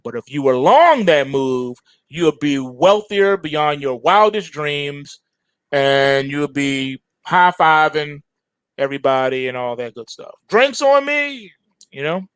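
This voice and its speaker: A man's voice: fairly high pitch, unhurried, fairly bright tone, clear, resonant tone, no room sound. A man hosting a trading show, giving an emphatic, preachy market commentary full of slang and repetition.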